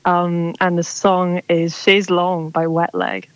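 A woman's voice: fairly low pitch, little pitch movement, slow, no room sound. A woman calling in to a radio show, chatting casually and rambling with lots of fillers, heard over a phone line. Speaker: caller. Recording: dull dry phone line.

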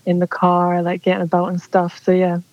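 A woman's voice: on the low side, monotone, brisk, darkish tone. A young woman calling in to a radio show, chatting casually and rambling with lots of "like". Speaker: caller. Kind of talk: casual phone chat. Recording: dull dry phone line.

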